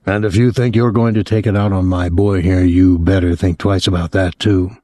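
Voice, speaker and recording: A placid, quietly menacing middle-aged father in a storybook reading, talking as calmly as if discussing the weather, as a man reads him. His voice sits low and the sound is dry and close. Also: normal speed, dry recording. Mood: cold calm. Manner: placid, conversational, coldly calm.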